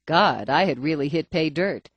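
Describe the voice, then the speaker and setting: A woman's voice: sits low, lively intonation, normal speed, dry recording, highs cut off. A woman reading a first-person audiobook in a wry, dry storytelling manner. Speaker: audiobook narrator.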